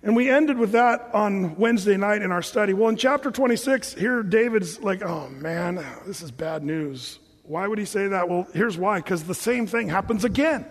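A man preaching a sermon as an animated storyteller, acting out the scenes for his church. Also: high-pitched, moderate pace, hardly any pauses. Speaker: pastor. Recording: long hall reverb.

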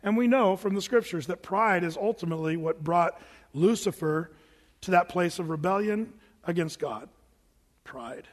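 A man's voice: sits high, normal speed, long reverb tail. A man preaching a Bible-teaching sermon in a conversational, plain-spoken way, with casual asides to the congregation. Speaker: pastor.

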